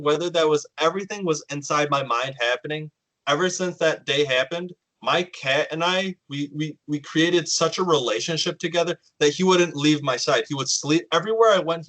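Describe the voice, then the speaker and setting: In casual podcast talk, the host acts out what other people said while telling a story, cursing often and with animation. His voice is a little high, and the recording quality is low.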